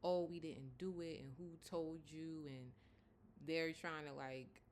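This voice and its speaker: Low-voiced chatty woman recapping. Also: unhurried, a little mellow, a little hiss or hum. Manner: chatty, laughs often, lots of 'like' and 'you know'. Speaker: TV episode reviewer. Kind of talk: casual recap chat.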